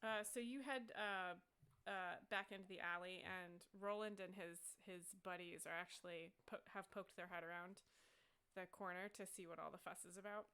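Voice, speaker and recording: A young woman narrating as game master, telling the scene in a lively way and full of "like"s. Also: fairly low pitch, clear, resonant tone. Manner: lively storytelling, many "like"s, quick character voices.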